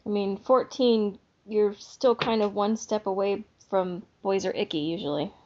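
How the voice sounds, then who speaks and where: A woman's voice: mid-range voice, steady tone, a little slow, a little mellow. A woman co-hosting a book podcast, chatting casually with frequent fillers. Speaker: podcast co-host. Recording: dull lo-fi audio.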